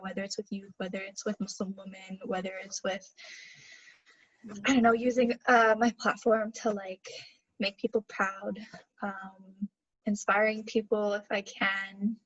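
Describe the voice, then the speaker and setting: A woman's voice: mid-range voice, no room sound, muffled recording. Giggly young Canadian woman. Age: young adult. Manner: giggly and hesitant, many fillers. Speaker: guest. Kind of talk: casual video-call interview.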